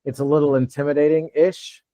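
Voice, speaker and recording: This fifties-aged real estate investing coach speaks brisk and flat in a fairly high, mellow voice, with no echo on the audio. Answering a live online Q&A, he keeps it casual and plain, sliding into a lighter "customer service" voice than normal and asking "you know what I'm saying."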